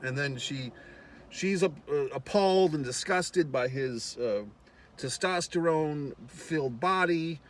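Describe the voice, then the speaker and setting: A man casually recapping a movie in a rambling, profane way, with lots of fillers and quick acted-out lines. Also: fairly high pitch. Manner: acts out characters' lines in quick voices. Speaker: film reviewer.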